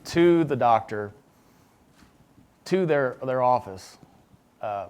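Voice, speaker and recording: A man moderating a health care panel, telling a wry story and handing off to speakers. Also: medium pitch. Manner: wry storyteller, chuckling aside. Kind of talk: panel discussion.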